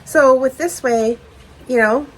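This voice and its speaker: A woman's voice: sits high, slow, rough recording. A Canadian woman co-hosting a podcast, talking casually in a rambling, chatty way and laughing often. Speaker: podcast co-host. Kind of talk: casual chat. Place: home.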